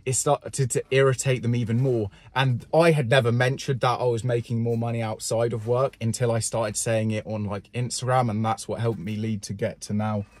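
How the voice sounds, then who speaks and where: A man's voice: mid-range voice, level tone, normal speed, hardly any pauses, no echo. Blunt man, dry and close. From England. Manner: blunt, emphatic storytelling. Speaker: vlogger and entrepreneur. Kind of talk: casual talk to camera.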